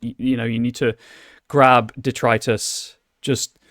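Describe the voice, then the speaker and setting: A man narrates a tabletop game as game master, his mid-pitched voice halting and restarting as he searches for words. The sound is dry and close, with no room around it. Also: little pitch movement, fairly bright tone, no room sound. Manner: halting, many restarts and fillers.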